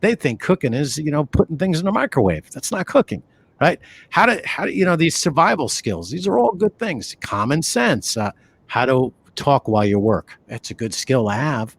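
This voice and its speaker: A podcast co-host from the New York City area rambles through conversational talk, animated and full of fillers and restarts. His voice is fairly high, creaky and husky, at a moderate pace.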